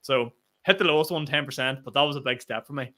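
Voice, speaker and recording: Male comedian, quick and bright, cheeky anecdote-teller. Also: medium pitch. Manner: animated storytelling, swears freely. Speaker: podcast co-host and stand-up comedian. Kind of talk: casual chat.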